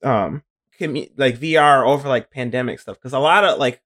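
A man's voice: mid-range voice, normal speed, fairly bright tone. A man hosting a casual podcast chat, hesitant and laughing as he stumbles through his questions.

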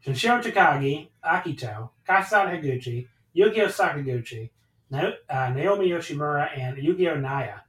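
A man hosting a podcast, recapping matches in casual chat, animated and swearing freely as he rambles through the action. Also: on the high side, normal speed, roomy sound, poor audio. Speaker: podcast host.

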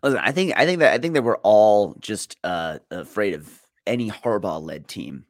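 A man co-hosting a sports betting podcast in casual chat, excitable and self-mocking, often repeating his first words. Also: fairly low pitch, moderate pace, no room sound, clean studio sound.

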